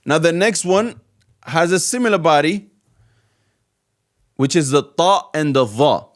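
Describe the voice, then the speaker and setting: Teaching the alphabet one step at a time, an Arabic teacher patiently says each letter sound again and again in a slow lesson. His voice is on the high side and animated, at a measured pace.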